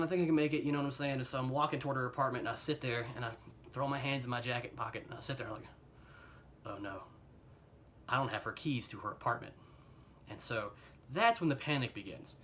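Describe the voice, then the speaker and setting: A man's voice: mid-range voice, fast talker, a bit bright, slight background noise. A young American man telling an embarrassing personal story in a casual, rambling way, self-mocking and filled with fillers and chuckles, recorded on a phone camera. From United States.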